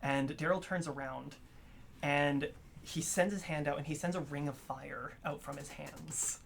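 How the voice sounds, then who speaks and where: A man's voice: a little high, fairly even intonation, unhurried, vocal fry, fairly bright tone, slight background noise. A man narrating a tabletop role-playing game as game master, telling the scene in a storytelling way. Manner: storytelling narration, laughs often with players.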